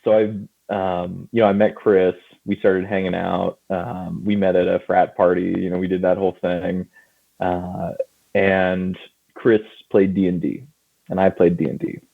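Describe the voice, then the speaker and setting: A man in his thirties from California, a guest on a podcast, telling his story in a lively way and laughing often. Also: deep voice, unhurried, creaky. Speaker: guest comic writer and publisher. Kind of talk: casual podcast chat. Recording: tinny phone-like line.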